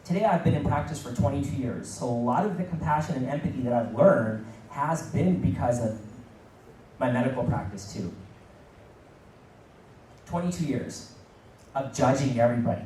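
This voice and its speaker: A man's voice: medium pitch, animated, moderate pace, pauses often, dark tone, a little hiss or hum. A middle-aged man giving a motivational keynote talk, repeating phrases for emphasis and acting out quoted dialogue. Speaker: keynote speaker. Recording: echoey room, mic at a distance.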